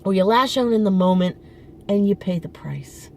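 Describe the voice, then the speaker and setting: A woman's voice: medium pitch, lively intonation, normal speed, creaky, darkish tone, a little hiss or hum. A middle-aged woman vlogging outdoors in front of her apartment, venting with frustration and emphasis and often restarting her sentences. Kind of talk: casual personal venting.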